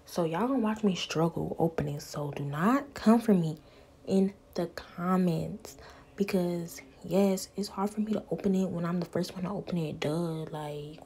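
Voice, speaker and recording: A woman's voice: fairly low pitch, creaky, warm tone, slight background noise. A woman vlogging casually and talking straight to her viewers in a chatty, playful way, often dropping to a near whisper. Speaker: beauty vlogger. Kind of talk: casual vlog chat and voiceover.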